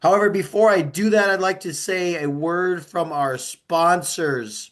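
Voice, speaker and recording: Guy with a stuffy nose from a cold, nasal podcast host, salesy upbeat pitch, clears his throat. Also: measured pace, hardly any pauses, a bit bright. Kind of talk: casual podcast talk with sponsor reads.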